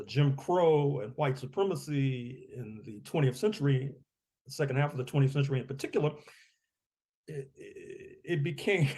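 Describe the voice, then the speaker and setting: A man's voice: on the high side, dark tone. A man talking as a guest author in an interview, rambling and discursive, chuckling between phrases and restarting with repeated words.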